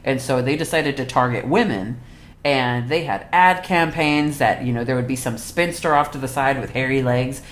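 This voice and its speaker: Low-voiced woman in casual chat. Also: moderate pace. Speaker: podcast co-host.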